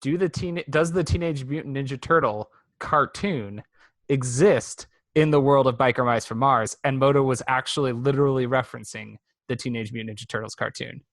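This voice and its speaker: A male podcast co-host talking casually, with a wry, sarcastic streak. His voice sits at an ordinary middle pitch. The sound is dry and close, with no room in it. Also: a little fast, no echo. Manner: chatty, wry, sarcastic asides. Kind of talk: casual chat reviewing a cartoon.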